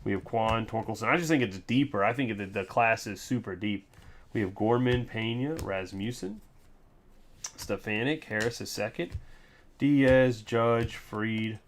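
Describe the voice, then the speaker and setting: A man hosting a trading card break, chatting casually, reading off names in quick lists with sarcastic ranting asides. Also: fairly low pitch, a little hiss or hum. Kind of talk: casual livestream chat.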